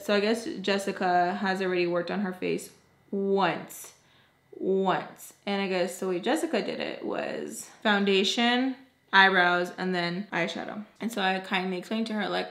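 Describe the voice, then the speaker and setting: A woman's voice: mid-range voice, expressive, moderate pace, creaky, fairly bright tone, a little hiss or hum. A young woman makeup artist telling a story time in a casual, exasperated way, full of fillers. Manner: exasperated, chatty, heavy use of "like". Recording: echoey room.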